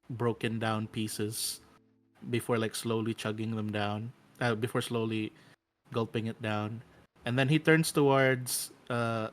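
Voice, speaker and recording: A man playing in a tabletop game, describing his character's actions hesitantly, with many fillers. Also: medium pitch. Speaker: player.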